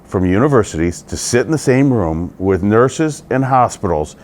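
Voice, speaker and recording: A man's voice: fairly low pitch, lively intonation, normal speed, a little mellow. A middle-aged man, a state legislator, answering interview questions in an earnest, conversational way.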